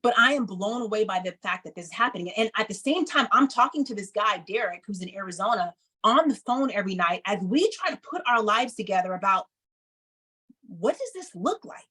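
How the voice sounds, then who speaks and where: A woman in her thirties telling a personal story to an audience, acting out the people she quotes with lively emphasis. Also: medium pitch, a little fast, slightly rough, low-quality recording. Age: 30s. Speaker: speaker.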